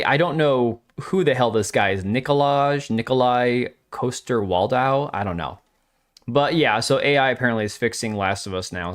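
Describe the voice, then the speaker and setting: Male live streamer, casual and blunt; crude, opinionated riffing with chat. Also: mid-range voice.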